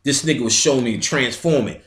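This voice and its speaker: Middle-aged New man, mid pitch, casual storytelling lecturer, recorded in an echoey room. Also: fairly quick. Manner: streetwise, profane, imitates sounds and other voices. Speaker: metaphysical lecturer. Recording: roomy echo.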